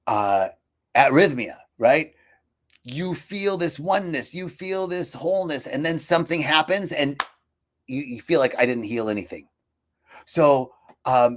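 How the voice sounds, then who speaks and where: A man gives a casual, personal talk in an ordinary mid-range voice. He speaks reflectively, stumbles and restarts now and then, and lifts his tone when he quotes others. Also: medium pitch. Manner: reflective, personal storytelling with frequent fillers and restarts. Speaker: speaker for a healing retreat.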